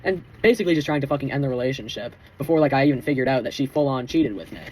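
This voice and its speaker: A man's voice: medium pitch, racing, darkish tone. A young man telling a personal story in a rambling, profane, heated vlog rant. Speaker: vlogger.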